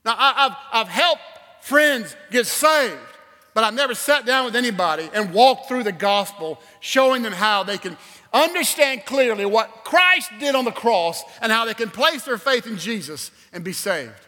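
A man preaching a sermon, telling a personal story with animated swings from loud exclamations to a hushed altar call. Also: high-pitched, normal speed. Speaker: guest preacher. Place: church sanctuary. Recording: long hall reverb.

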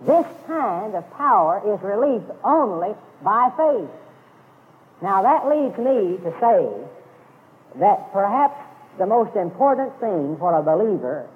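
High-voiced preacher on tinny radio. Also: male voice. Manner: emphatic, repeats key phrases. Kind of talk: sermon. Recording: phone-like lo-fi radio broadcast with long reverb.

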